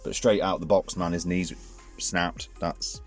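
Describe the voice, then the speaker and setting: A man's voice: sits low, fairly even intonation, unhurried, soft background music. A man casually reviewing toys hands-on, chatty and rambling, often correcting himself mid-sentence. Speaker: toy reviewer.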